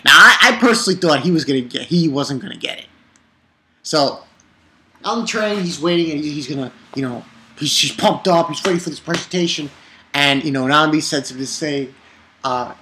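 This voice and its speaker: Casting: male anime reviewer, bright, forceful voice pitched a bit high, casual and excitable recap. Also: moderate pace, a little hiss or hum. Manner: excitable, animated retelling with swearing.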